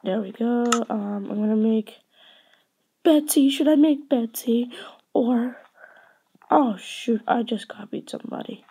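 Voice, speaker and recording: Chatty, playful high-voiced woman gamer. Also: measured pace, gravelly, warm tone, husky. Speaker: let's play host. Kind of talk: casual gameplay chat.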